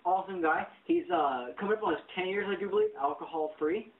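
A man on a podcast telling a profane, animated story and acting out the people in it. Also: high voice, quick pace, distant mic. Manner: animated, profane, acts out quotes. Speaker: podcast host. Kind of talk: casual storytelling chat. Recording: tinny lo-fi phone-like audio.

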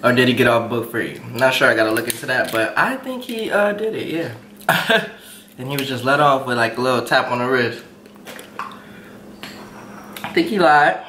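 Bright-voiced man chatting while eating. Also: mid-range voice, moderate pace, pauses often, a little hiss or hum. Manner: relaxed, chats between bites, laughs often. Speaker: mukbang host. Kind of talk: casual eating vlog chat. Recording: roomy echoey room.

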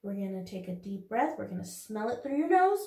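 A woman teaching young children in a video lesson, talking slowly and encouragingly in a sing-song way. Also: medium pitch, sing-song, a little mellow, recorded from a distance. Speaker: preschool teacher. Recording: echoey room, off-mic.

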